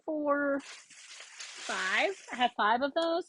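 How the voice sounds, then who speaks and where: A woman chatting excitedly in a casual haul video, rambling with fillers and bursts of enthusiasm. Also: sits high, drawn-out words, slight background noise, poor audio. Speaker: yarn vlogger.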